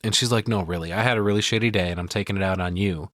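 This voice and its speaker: A man co-hosting a podcast, retelling a film's scenes in a profane, animated way and acting out the dialogue. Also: deep voice, rapid-fire, dry recording, clean studio sound. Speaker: podcast co-host. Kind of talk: casual movie recap chat.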